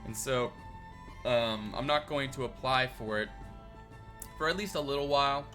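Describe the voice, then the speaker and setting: A man's voice: medium pitch, moderate pace, fairly bright tone, soft background music. A man streaming live, thinking aloud as he builds and chatting back to his viewers in a rambling, casual way. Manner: rambling, thinks aloud, reads and answers chat.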